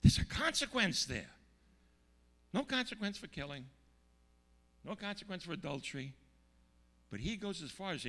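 A man preaching a sermon, his voice gravelly and bright as it rises and falls with lively swings. He slows right down to hammer home key words and keeps asking his listeners whether they follow. The sound carries a long reverb, like a large hall. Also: high voice. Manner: emphatic, slows down to stress words, asks the audience questions.

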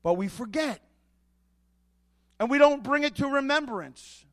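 A man's voice: extremely high pitch, animated, a little slow, a bit bright. A man preaching a sermon as pastor, emphatic, building his points with repeated rhetorical questions.

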